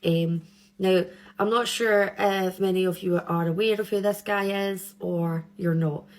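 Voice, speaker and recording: A woman's voice: lowish voice, fairly even intonation, unhurried. A young woman hosting a true crime channel, telling the story in a chatty, rambling way with nervous giggles. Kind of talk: casual true crime chat.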